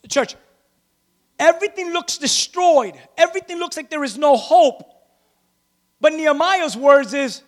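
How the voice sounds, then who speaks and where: A man's voice: very high-pitched, animated, unhurried, pauses often. A man preaching a sermon as a pastor, emphatic and repetitive, with casual conversational asides to the congregation.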